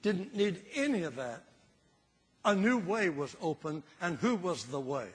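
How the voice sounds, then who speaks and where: A man's voice: high-pitched, sing-song, a little slow, slightly rough, big-room sound. An older man preaching a sermon with fervor, repeating phrases for emphasis.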